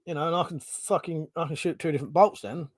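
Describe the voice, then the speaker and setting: A British man hosting a relaxed live stream, chatting with a sarcastic edge and swearing freely. His voice sits a bit high for a man, and the sound is close and dry. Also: quick pace, no room sound. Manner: reads out viewer comments. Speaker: livestream host. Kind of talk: casual live-stream chat.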